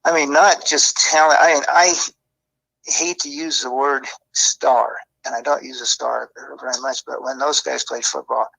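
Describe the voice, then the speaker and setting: A man's voice: medium pitch, fairly even intonation, a little slow, creaky, sharp tone, low-quality recording. A man being interviewed, recalling his scouting days in a rambling, self-correcting way. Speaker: former football scout and guest. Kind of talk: interview reminiscing.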